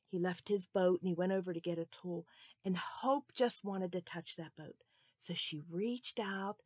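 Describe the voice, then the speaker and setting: A woman telling a Bible story to children, expressive and asking her listeners questions. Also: fairly low pitch, no room sound, studio quality.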